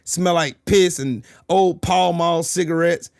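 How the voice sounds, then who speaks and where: Mocking, trash-talking man, slightly high voice. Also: fairly even intonation, slow pace, creaky, no room sound, studio quality. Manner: taunting, mocking, repeats his jabs; profane, boastful. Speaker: streamer arguing with chat. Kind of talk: livestream trash talk.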